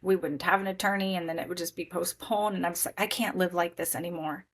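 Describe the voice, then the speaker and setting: A woman's voice: lowish voice, fast, breathy edge. A woman sharing her life story as a podcast guest, speaking candidly and acting out what people said to her. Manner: animated storytelling, acting out quoted voices. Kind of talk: candid personal testimony.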